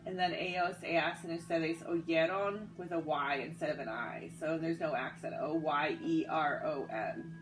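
A woman with a low voice leads a guided-notes grammar lesson. She spells words out one letter at a time, patient and methodical, with the odd "um" and self-correction. Faint music plays quietly behind her. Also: normal speed, hardly any pauses, low-quality recording. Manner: relaxed with fillers and self-corrections. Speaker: Spanish teacher.

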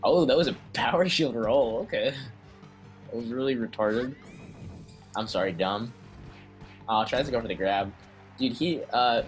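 A young man casually commentating a computer fighting game tournament, excitable and slangy, swearing often. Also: medium pitch. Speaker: stream commentator.

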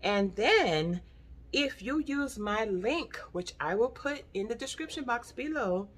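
Excitable chatty woman, lively voice. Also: on the high side, slow, breathy edge. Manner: chatty, excitable, says y'all a lot. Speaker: vlogger. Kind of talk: casual haul vlog.

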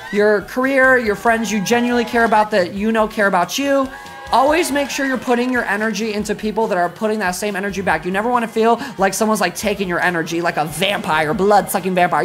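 A woman streamer with a fairly high voice signs off her stream in a warm, rambling, gushing way, heavy on slang and fillers. Her voice is starting to wear a little hoarse. Soft music plays faintly behind her. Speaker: livestreamer. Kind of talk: casual end-of-stream chat.

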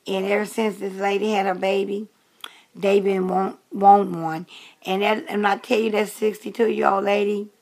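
A woman's voice: medium pitch, level tone, normal speed, gravelly, a little mellow. A woman in her late fifties chatting casually to camera in a rambling way, with many fillers and restarts. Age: 50s. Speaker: vlogger.

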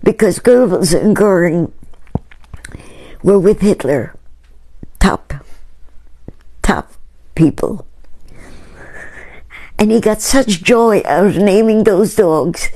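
A woman's voice: medium pitch, warm tone. An older woman, a painter, telling a group about her work in an earnest, reflective way. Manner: earnest, reflective, unhurried storytelling. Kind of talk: storytelling talk to a small group.

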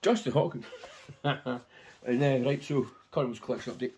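A man's voice: mid-range voice, normal speed, darkish tone, a little hiss or hum. A man casually rambling through anecdotes about his record collection, swearing constantly.

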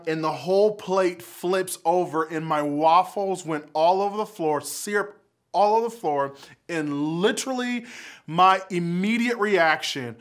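Young male youth leader, high voice, animated and excitable, casual talk to camera.

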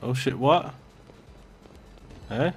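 A young man giving gameplay commentary, loud, swearing often and full of street slang. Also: mid-range voice, animated, drawn-out words, over loud music. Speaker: gaming YouTuber.

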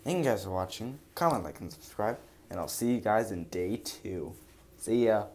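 A man giving casual, excitable commentary as he explores a game and jokes along the way. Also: lowish voice, moderate pace. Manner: chatty, excitable, jokey narration while exploring. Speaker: gaming vlogger. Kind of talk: casual let's-play commentary. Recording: noticeable background noise.

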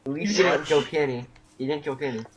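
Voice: mid-range voice, quick pace, over a noisy crowd, rough recording. A player joking and teasing teammates in casual voice chat during a game. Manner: teasing, playfully pushy. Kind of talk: casual voice chat while gaming.

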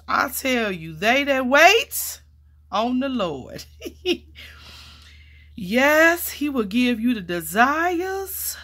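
A woman chats to her viewers in an unhurried, drawn-out way while she crafts, calling them y'all and honey. She gets excitable, then sinks to quiet murmurs while her hands are busy, and her voice sits at an ordinary middle pitch. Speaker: crafting vlogger. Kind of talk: casual chat while crafting.

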